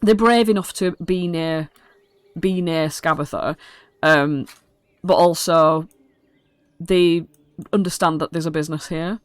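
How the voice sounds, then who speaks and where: A woman's voice: low voice, measured pace, smooth, no echo. A British woman narrating a tabletop game as dungeon master in a casual, rambling, sweary way.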